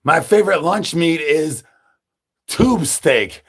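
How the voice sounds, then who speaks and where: A man's voice: a little high, animated, normal speed, husky. A man doing a crude, absurd comedy monologue, rattling off rhyming nonsense and repeated catchphrases and calling for brains like a zombie. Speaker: comedy streamer.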